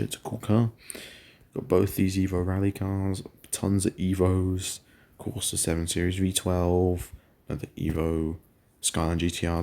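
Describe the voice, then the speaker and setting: A low-pitched man with a rough, gravelly edge talks loosely through a game. He rambles and keeps catching and correcting his own slips. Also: dark tone. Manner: rambling, self-correcting, chatty. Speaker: gaming channel host. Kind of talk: casual game commentary.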